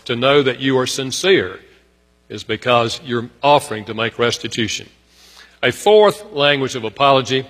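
Bright-voiced preacher in a reverberant hall. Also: male voice. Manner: storytelling preacher who rises in pitch for emphasis and drops low for quiet asides. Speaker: pastor. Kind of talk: sermon.

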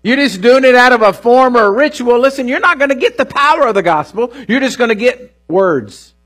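A man delivering a church sermon in a high, husky voice. He preaches earnestly, repeating phrases and tossing out "hello?" to the congregation. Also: expressive, fairly quick, fairly bright tone. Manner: call-and-response preaching with "hello?" asides; earnest, repeats words for emphasis. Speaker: pastor. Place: church service.

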